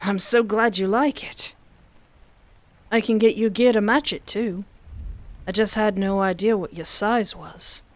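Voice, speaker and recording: A woman voicing a menacing, flirtatious male kidnapper who speaks in a slow, teasing way. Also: mid-range voice, no room sound, natural voice. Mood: teasing menace.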